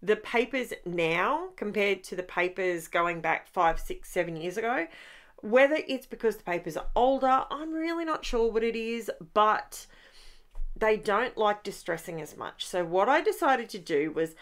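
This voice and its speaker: A woman's voice: medium pitch, lively intonation, moderate pace. An Australian woman hosting a scrapbooking channel, giving a chatty, rambling voice-over from her home craft room. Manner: chatty and rambling, with fillers and asides.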